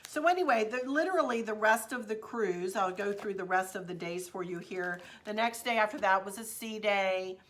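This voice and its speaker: Bright-voiced chatty woman. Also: mid-range voice, normal speed, few pauses. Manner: chatty, expressive, says "y'all". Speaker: vlogger. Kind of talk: casual storytelling vlog.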